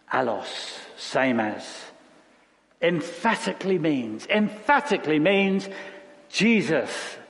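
A man preaching a sermon in a conversational way, asking rhetorical questions and repeating phrases for emphasis. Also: a little high. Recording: long reverb of a large hall.

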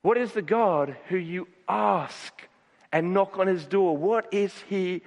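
A man's voice: high voice, slow, creaky, long reverb tail, dull audio. A man preaching a sermon, earnest, often repeating words as he starts a sentence. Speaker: pastor.

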